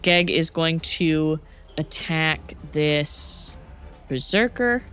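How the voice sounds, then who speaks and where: A woman narrating a tabletop game as game master, unhurried and often laughing. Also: sits low, lively intonation, fairly bright tone, clean tone. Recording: faint music underneath.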